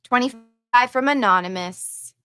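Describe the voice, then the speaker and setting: A woman's voice: fairly high pitch, a little slow, sharp tone, smooth, no echo. A woman hosting a livestream, chatting casually and reading viewer donations and messages aloud with her own asides.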